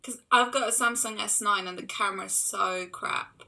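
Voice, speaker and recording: A young woman chatting casually as a co-host, excitable and quick to laugh. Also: mid-range voice, vocal fry. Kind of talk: casual chat.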